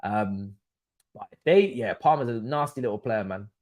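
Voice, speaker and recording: A young man hosting a live football watchalong, chatting casually, repeating himself and swearing, going from mumbled asides to loud exasperated rants. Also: fairly low pitch, moderate pace. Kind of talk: casual live-stream chat.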